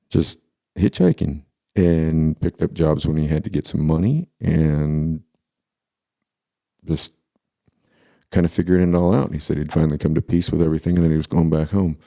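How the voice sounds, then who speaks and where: A man in his forties telling a personal story casually, halting and restarting as he goes. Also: very deep voice, vocal fry, mellow. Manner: halting, with many pauses and restarts.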